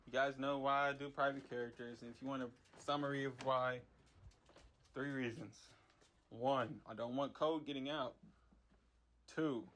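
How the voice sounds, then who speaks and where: A man's voice: mid-range voice, fairly bright tone. A young man who makes game characters, ranting in a rambling, frustrated way with lots of slang and repeated words. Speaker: MUGEN character creator. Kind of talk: casual ranting vlog.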